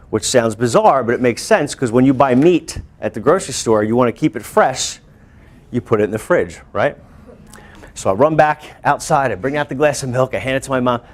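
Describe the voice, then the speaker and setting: A male teacher telling a lively personal story to his students, breaking into shouts and laughter. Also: mid-range voice. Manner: animated, bursts into shouts and laughs while telling. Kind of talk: storytelling to a class.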